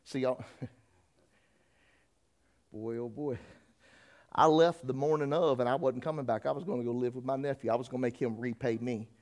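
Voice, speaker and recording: A man preaching a sermon and telling his own story. He talks straight to the congregation and moves between quiet storytelling and shouted preaching. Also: medium pitch, fairly even intonation, moderate pace, long pauses. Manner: addresses the congregation directly. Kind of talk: sermon with personal testimony.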